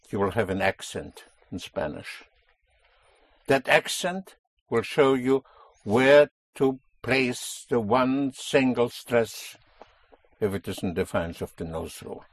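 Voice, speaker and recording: A man's voice: on the low side, breathy edge. A man teaching a language lesson, explaining a stress rule patiently and stressing key words.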